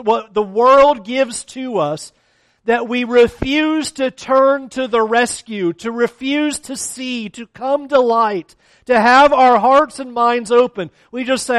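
A man's voice: very high voice, slow pace, a bit bright, no echo. A man preaching a sermon as a pastor, acting out quotes of complaining people along the way.

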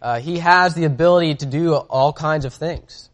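Casual male preacher, slightly high voice. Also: moderate pace. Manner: casual and conversational, with fillers. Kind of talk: sermon with scripture reading.

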